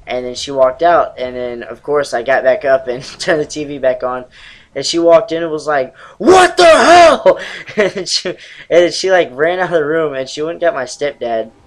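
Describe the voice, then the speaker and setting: A young man in his twenties chats through his gameplay in a loose, rambling way. He swears freely, laughs between thoughts and drifts off into stories. His voice sits at an everyday middle pitch. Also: steady tone, normal speed, poor audio. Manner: rambling, profane, laughs often. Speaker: gaming channel host. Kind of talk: casual gameplay commentary.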